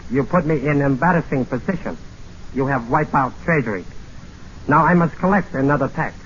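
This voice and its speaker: A man's voice: mid-range voice, fairly quick, lightly acted. A scornful warlord general speaks in clipped, broken English, as a man acts him out. His tone is smug and cruel. The sound comes from a dull, muffled old film track with a faint hiss under it. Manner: smug and contemptuous. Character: arrogant, menacing warlord general, male, middle-aged. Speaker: villain.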